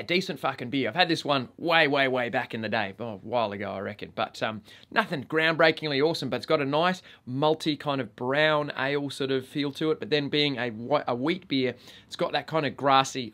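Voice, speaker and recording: Foul-mouthed Australian bloke reviewing gear. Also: male voice, mid-range voice, fairly quick, fairly bright tone. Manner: crude, swears constantly, blokey banter. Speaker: vape reviewer and channel host. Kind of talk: casual vlog review.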